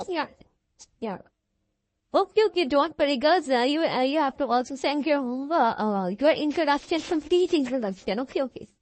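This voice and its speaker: A woman's voice: high voice, lively intonation, moderate pace, darkish tone, no echo. A woman teaching an online English class who switches between English and Hindi-Urdu and reassures her students often. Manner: reassuring, repeats okay.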